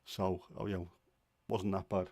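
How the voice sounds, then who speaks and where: A man's voice: low-pitched, little pitch movement, moderate pace, mellow, no echo. A middle-aged man hosting a livestream from home, chatting casually in a grumbling, self-deprecating way. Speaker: livestream host. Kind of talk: casual chat.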